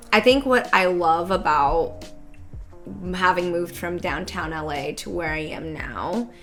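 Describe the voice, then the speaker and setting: A woman guesting on a podcast, talking in a rambling casual way with many fillers and casual swearing. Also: lowish voice. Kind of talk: casual chat.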